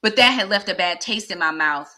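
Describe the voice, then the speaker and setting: Bright-voiced chatty middle-aged woman. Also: mid-range voice, a little fast. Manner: chatty, animated, acts out dialogue. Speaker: vlogger. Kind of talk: casual personal storytelling.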